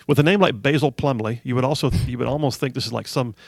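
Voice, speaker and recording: Gravelly-voiced male talk radio host. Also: mid-range voice, fast, no echo, clean studio sound. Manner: emphatic, repeats phrases for emphasis. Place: radio studio. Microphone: studio microphone.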